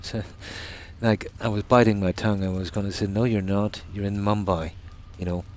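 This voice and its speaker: Male streamer, deep voice, chatty rambling storyteller, faint ambience behind. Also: flat delivery, normal speed, slight background noise. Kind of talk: casual chat while gaming.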